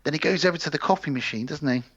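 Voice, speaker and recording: A man co-hosting a casual podcast, retelling a film plot with quick acted voices and casual swearing. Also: a little high, fairly bright tone, breathy edge. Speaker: podcast co-host. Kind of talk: casual film review chat. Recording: slightly dull, lo-fi podcast audio.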